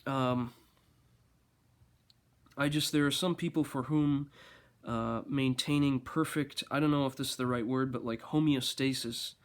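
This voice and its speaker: A man telling a story in a casual rambling monologue, sarcastic and mock-grandiose, halting often to restart his sentences. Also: medium pitch, steady tone.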